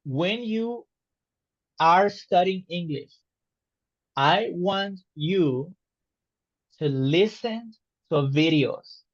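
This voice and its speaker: A man teaching an online English lesson, explaining slowly and patiently and checking understanding with questions. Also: high voice, lively intonation, dry recording, highs cut off. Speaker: English tutor.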